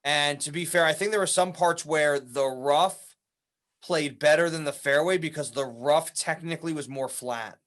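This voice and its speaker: A man's voice: a little high, normal speed, a bit bright. A man co-hosting a golf podcast in casual chat, joking with dry understatement. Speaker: podcast co-host.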